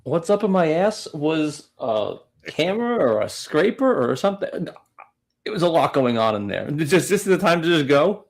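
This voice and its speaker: A man co-hosting a comedy podcast, cracking dry, deadpan jokes. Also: fairly high pitch, normal speed. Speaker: podcast co-host.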